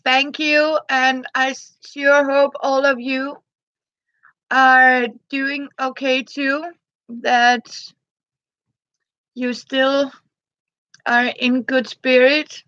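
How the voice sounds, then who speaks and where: A woman, chatting gently on a live stream and greeting her viewers by name. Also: high voice, little pitch movement, extremely slow, pauses often, dry recording, lo-fi sound. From Denmark. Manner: greets viewers by name between thoughts, gentle, frequent soft laughs. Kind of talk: casual live-stream chat.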